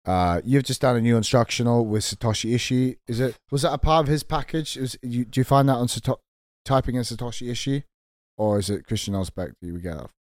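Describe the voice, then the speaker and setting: A man's voice: mid-range voice, fast talker, a little mellow, dry recording, studio quality. A man hosting a casual podcast chat, joking with guests and plugging the show. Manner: laid-back, joking, plugs the show. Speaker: podcast host.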